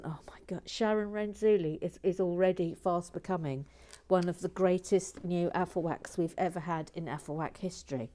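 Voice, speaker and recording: A woman's voice: on the low side, steady tone, normal speed, dark tone. A woman hosting a casual building vlog, chatty and cheerful, greeting viewers by name with plenty of ums and uhs. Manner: chatty and cheerful, reading out viewer comments, many fillers. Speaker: host.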